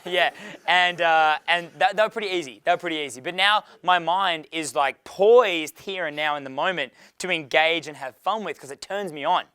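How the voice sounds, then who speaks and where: Brash man coaching, bright voice. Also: a little high, normal speed, clean tone, dry recording. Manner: brash, profane, laughs often. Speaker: dating coach. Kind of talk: live seminar Q&A.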